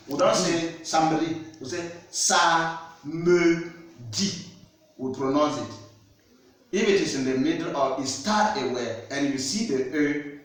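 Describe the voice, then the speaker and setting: A man teaching a language lesson. He speaks slowly, repeats each word, and often asks the listener whether they understand. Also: fairly high pitch. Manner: slow, repeats words and checks understanding. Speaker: French teacher. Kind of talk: classroom-style language lesson. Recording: echoey room, voice from a distance.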